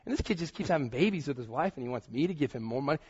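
A man's voice: medium pitch, lively intonation, very fast, a little mellow, breathy edge, lo-fi sound. A man in his thirties preaching a sermon as pastor, telling personal stories and acting out what people said. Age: 30s. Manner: storytelling with acted-out quotes.

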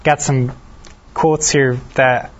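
Male Bible study leader, middle pitch, casual and self-deprecating, reads scripture and asks the group questions, muffled lo-fi recording. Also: slow. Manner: reads scripture aloud, then explains it in a relaxed, self-deprecating way. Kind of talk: conversational Bible teaching. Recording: dull lo-fi recording.

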